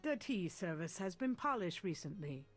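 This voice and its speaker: A woman giving calm, measured scripted narration of the scenes in a mystery adventure game. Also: on the low side, faint music behind.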